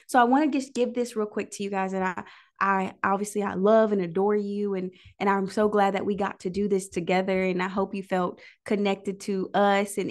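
Woman, devotional preaching, emotional, near tears, frequent pauses, mid-pitched, vocal fry. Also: a little mellow. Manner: pausing often to listen and think. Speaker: host of a prayer call livestream. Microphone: livestream microphone.

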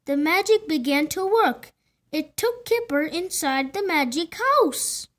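A woman reading a children's storybook aloud, slowly and expressively. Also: very high-pitched, animated, fairly bright tone.

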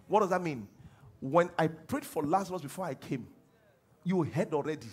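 A man with a Nigerian accent preaching a sermon as pastor, animated, dropping low to mimic prayers and rising loud to exhort. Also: moderate pace, husky.

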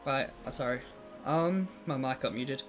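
A man doing casual, excitable gameplay commentary with friends in an online game. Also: medium pitch, a little slow, over music. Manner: chatty, excitable, bursts into loud laughing outcries. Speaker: gaming YouTuber.

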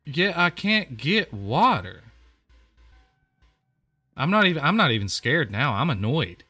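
A man talking through a horror game in a loose, chatty way, his pitch jumping up and down as he reacts. His voice is bright and forward, and he exclaims and repeats himself a lot. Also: big pitch swings, measured pace, breathy edge, faint music behind. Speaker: gamer playing a horror game. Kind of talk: casual let's-play commentary.

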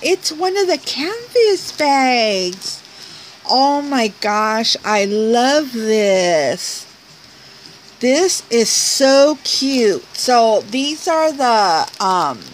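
A woman's voice: on the high side, noisy background. A woman chatting casually as she unboxes a package on camera, gushing over each item and talking to the sender. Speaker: craft vlogger opening mail.

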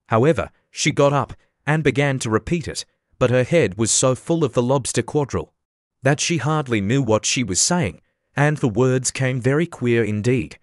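A man narrating an audiobook in a measured, even storytelling voice. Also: medium pitch, no room sound, clean studio sound. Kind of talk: scripted narration.

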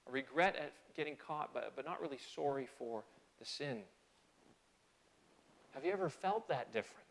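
A man's voice: expressive, moderate pace. A man preaching a sermon in church, earnest and conversational, swelling on key phrases and slipping into small restarts. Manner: earnest, rises in pitch and loudness on key phrases. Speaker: pastor. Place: church sanctuary.

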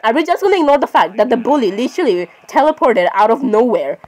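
A woman's voice: a little high, very animated, fast talker, a little mellow. A woman giving casual gameplay commentary, chatting on and arguing with herself, often breaking off to apologize. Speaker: gaming channel host.

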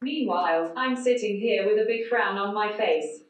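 A woman giving a conference talk through a speech synthesizer, so her voice is a flat, synthetic computer voice with no intonation. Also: mid-range voice, normal speed. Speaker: conference speaker. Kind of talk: prepared talk read out by text-to-speech. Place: large conference hall. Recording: echoey hall, voice from far off.

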